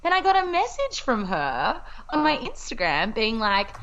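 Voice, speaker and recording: A woman's voice: a little high, huge pitch swings, moderate pace, hardly any pauses, a bit bright, lo-fi sound, a little hiss or hum. A young woman co-hosting a podcast in casual chat, bubbly and chatty, laughing often over a video call. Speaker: podcast co-host.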